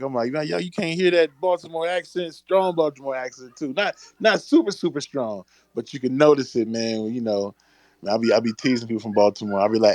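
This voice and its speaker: Man, mid-pitch voice, dry sound, teasing and jokey. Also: fairly quick, a little mellow, no echo. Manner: teasing, laughs often, does mock accents. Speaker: chat room participant. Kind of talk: casual chat in an audio chat room.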